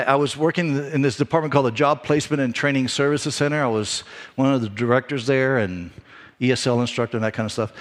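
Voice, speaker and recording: Man preaching a story-driven sermon. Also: mid-range voice. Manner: conversational, animated storytelling with frequent restarts. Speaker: pastor.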